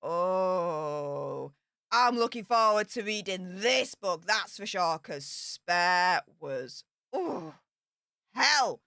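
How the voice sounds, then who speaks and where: Bright, chatty woman. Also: mid-range voice, expressive, takes it slowly, dry recording, studio quality. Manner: chatty and emphatic, with asides. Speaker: royal news commentator. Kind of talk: casual commentary reading news points.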